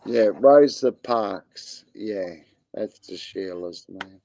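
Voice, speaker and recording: A man's voice: on the low side, takes it slowly, gravelly, dark tone. An Australian man hosting a livestream, chatting casually while gaming, crude and laid-back with heavy swearing. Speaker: livestream host.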